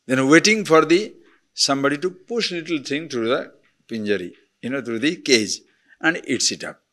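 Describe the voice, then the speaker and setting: A man gives a spiritual discourse as a teacher. He asks rhetorical questions and swings from emphatic to soft. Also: mid-range voice, lively intonation, normal speed.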